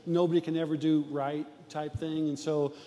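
A man's voice: a little high, little pitch movement, normal speed, dark tone, slight background noise. Earnest scripture-quoting man, reverberant room. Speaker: co-host, preacher. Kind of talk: faith-based relationship talk.

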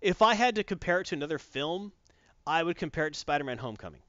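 Podcast host, male, animated movie recap; smooth voice, lo-fi dry recording. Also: a little high, quick pace, no room sound. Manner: animated, acts out scenes in funny voices. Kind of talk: casual movie review chat. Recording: dull lo-fi dry sound.

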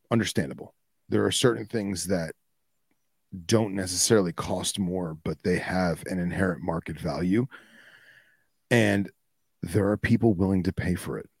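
A man's voice: deep voice, darkish tone, breathy edge, no echo. A man co-hosting a podcast in casual chat, arguing his point firmly and acting out what other people said. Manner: argumentative, acts out quotes from others. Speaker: podcast co-host.

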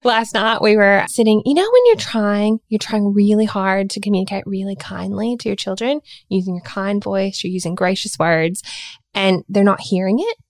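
A woman in her thirties co-hosts a parenting podcast, telling family stories in an expressive, animated way. Her mid-pitched voice has a gravelly fry, recorded dry and close with no room echo. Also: normal speed. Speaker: regular podcast co-host. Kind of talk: casual parenting chat.

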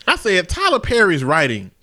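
A man co-host picks apart a film with blunt, profane criticism and laughing asides. His voice sits high for a man and has a bright, sharp edge. The talk is loose and conversational. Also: huge pitch swings, unhurried. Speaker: podcast co-host. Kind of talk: casual movie review chat.

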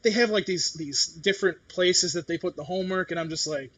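A man's voice: high-pitched, a little fast, fairly bright tone. A middle-aged man in casual chat, talking bluntly with swearing and acting out what others said. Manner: blunt, swears, acts out quotes.

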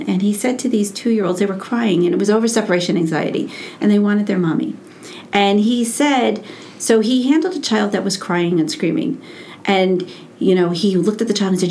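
A middle-aged woman who works as an early childhood educator, telling stories in conversation and acting out quoted dialogue with lively repetition. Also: mid-range voice, normal speed, a little hiss or hum. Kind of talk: animated conversational storytelling.

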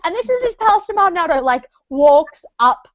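Aussie woman chatting on a podcast, high voice, dry dull lo-fi sound, laughs a lot. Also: very animated, normal speed, dry recording. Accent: Australian. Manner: chatty, laughing, acts out quotes in mock voices. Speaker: podcast co-host. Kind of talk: casual chat.

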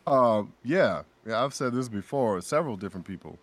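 Animated, laughing man telling stories. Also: medium pitch, brisk, dry recording. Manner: animated storyteller, laughs often, repeats phrases. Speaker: guest voice actor. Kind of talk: casual podcast chat.

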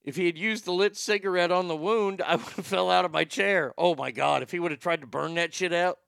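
A man's voice: high voice, a little fast, gravelly, fairly bright tone, clean tone, no echo, clean studio sound. A man hosting a show, talking in a folksy, rambling, profane way with many restarts. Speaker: show host. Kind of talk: casual talk-show monologue.

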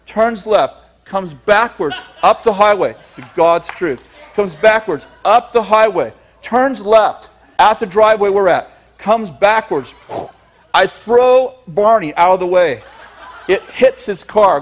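A male preacher telling a long, humorous story in a sermon, animated and chuckling, with emphatic asides. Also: sits high.

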